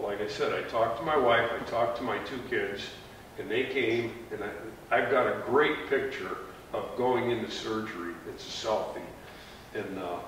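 Middle-aged guy telling his story casually to a crowd, lots of restarts, sounds far off, big echo, faint hiss. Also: mid-range voice. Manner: plain, conversational storytelling with pauses and restarts. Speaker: heart transplant recipient. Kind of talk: personal story told to an audience. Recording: echoey room from far off with faint noise.

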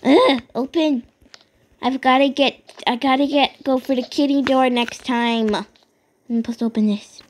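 A woman's voice: sits high, steady tone, normal speed, slight background noise, poor audio. A woman chatting and rambling as she narrates a game role-play.

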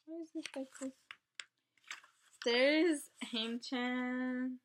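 Excitable high-voiced woman vlogger. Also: extremely slow, a little hiss or hum. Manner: excitable, gasping and gushing. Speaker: vlogger unboxing an album. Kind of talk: casual unboxing chat.

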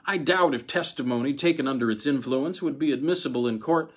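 Brief: male reader voicing a cautious attorney, hesitant objections, husky. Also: mid-range voice, fairly quick, pitched above the performer's own voice, natural voice. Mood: doubtful. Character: cautious, fussy male lawyer.

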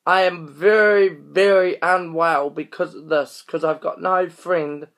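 A man's voice: on the high side, steady tone, measured pace, a bit bright. A man, upset and pleading in a personal video appeal. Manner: distressed, pleading.

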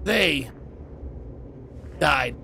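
A man's voice: a little high, expressive, extremely slow, vocal fry, sharp tone, slight background noise. A man streaming a video game, making goofy, sarcastic asides over the gameplay. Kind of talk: joking gameplay commentary.

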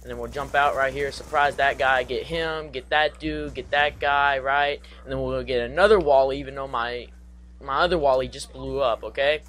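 Young male gaming commentator, excitable and goofy, average pitch, faint background noise. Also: moderate pace. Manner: excitable, goofy, trash-talking, singsong asides. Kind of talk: live gameplay commentary.

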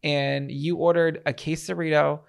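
A man with a slightly higher voice than most co-hosts a podcast in easy casual chat. He tells stories with energy and the odd curse word. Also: normal speed, creaky, smooth. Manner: animated, storytelling with profanity. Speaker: podcast co-host.

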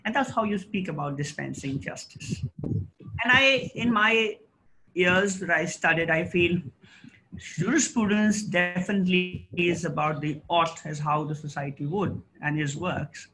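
Middle-aged male guest lecturer, bright forceful voice, rhetorical and emphatic, slightly raised pitch; faint hiss behind. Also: rough recording. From India. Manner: emphatic, rhetorical, pauses and restarts. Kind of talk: formal lecture.

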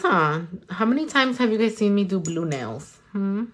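A woman's voice: medium pitch, animated, a little slow. A young woman doing her nails on camera, chatting casually, swearing, talking to herself, and dropping in Spanish phrases. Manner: chatty, profane, talks to herself and her hands. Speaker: nail artist. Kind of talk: casual vlog chat while doing nails.

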